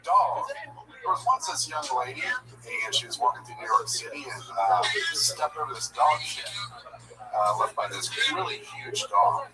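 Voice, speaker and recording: A man's voice: mid-range voice, wildly swooping pitch, normal speed, far from the mic, over loud music, low-quality recording. A man in his fifties from Georgia, a guest comedian telling a joke and talking about starting stand-up in a loose, rambling way. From Georgia, USA. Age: 50s.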